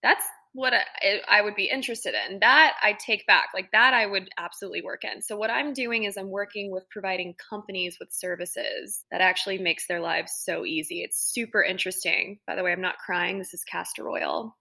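Woman podcast cohost, bright voice, candid chatty self-critical vibe. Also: mid-range voice, moderate pace, creaky, hardly any pauses. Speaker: podcast co-host. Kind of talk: casual chat.

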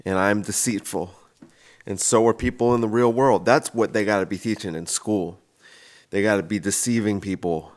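A man with a slightly low voice rambles through a solo comedy monologue. He jokes loosely and pokes fun at himself, talking into a microphone alone in his kitchen. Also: fairly even intonation, moderate pace. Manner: rambling, self-mocking, jokey. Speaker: comedian and podcast host. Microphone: studio-style microphone.

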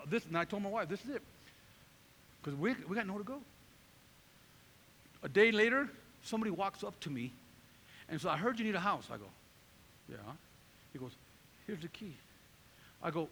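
A middle-aged man from Northern California, a pastor preaching a sermon testimony and acting out his own past conversations in an animated storytelling manner. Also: high-pitched, slightly rough. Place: church hall. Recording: long reverb of a church hall.

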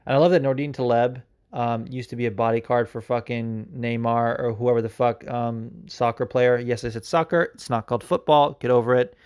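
A man's voice: medium pitch, fairly even intonation, a little fast, few pauses, a little mellow, smooth. Rambling, profane podcast host man. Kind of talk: casual chat.

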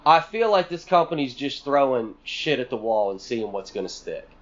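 A man's voice: medium pitch, sing-song, moderate pace, highs cut off. A man co-hosting a podcast, venting in a profane, exasperated rant full of sarcastic mock quotes. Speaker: podcast co-host.

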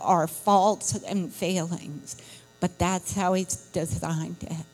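A woman's voice: medium pitch, darkish tone, big-room sound, soft background music, poor audio. A woman from England, a missionary's wife giving an earnest testimony at church. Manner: earnest, slow, breathy. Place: church sanctuary.

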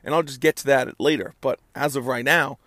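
A man's voice: medium pitch, fairly even intonation, brisk, a bit bright, no echo, clean studio sound. A young man hosting a casual solo podcast, chatty and upbeat, rambling with restarts and self-deprecating asides. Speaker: podcast host. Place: outside a ballpark in the morning.

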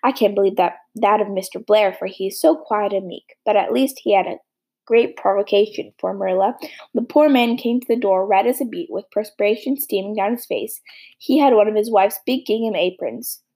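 A woman reading the part of an eager, optimistic teenage girl, earnest and pleading, in a husky, gravelly voice. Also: medium pitch, moderate pace, mellow.

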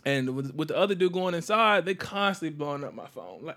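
A young man telling a work story in casual chat, animated and profane, heavy slang. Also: on the high side, fairly quick.

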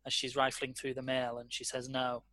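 A man's voice: medium pitch, completely flat delivery, moderate pace, sharp tone, no room sound. A man co-hosting a podcast, casually recapping a sitcom episode and retelling its scenes. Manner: retells scenes, quoting characters in a lightly acted voice. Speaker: podcast co-host.

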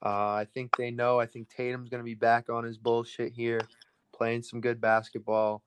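A man co-hosting a casual sports podcast, running quickly through his betting picks. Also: medium pitch, monotone, noisy background. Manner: rapid-fire, rattles through picks. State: out of breath.

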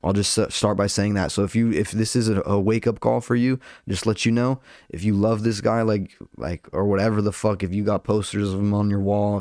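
A man's voice: lowish voice, darkish tone, no echo, studio quality. A young man ranting casually to his viewers, fired up and profane, rambling with lots of filler words. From Albanian heritage. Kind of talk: casual rant to camera.

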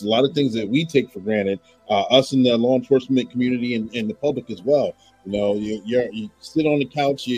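Husky man asking thoughtful questions. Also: medium pitch, rough recording. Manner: thoughtful, with hesitant restarts. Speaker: host. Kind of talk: interview questions.

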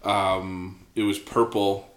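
A man with a deep voice speaks slowly and flatly, the sound roomy. He co-hosts a podcast, chatting casually in a rambling, jokey way full of fillers.

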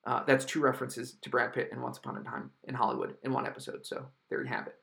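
A man's voice: mid-range voice, steady tone, quick pace, vocal fry, bright, forceful tone. A man hosting a solo podcast, reviewing a film in a sarcastic, exasperated rant full of swearing. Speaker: podcast host reviewing films.

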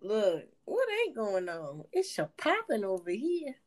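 A woman from Virginia co-hosting a podcast in casual chat, animated and emphatic, laughing often. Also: mid-range voice, a little slow. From Hampton, Virginia. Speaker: podcast co-host.

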